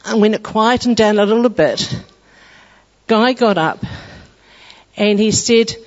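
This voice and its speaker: A woman gives a testimony in a church, her story earnest and halting, full of restarts. Her voice carries a long hall reverb and comes through muffled and lo-fi. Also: a little high. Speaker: church member giving testimony.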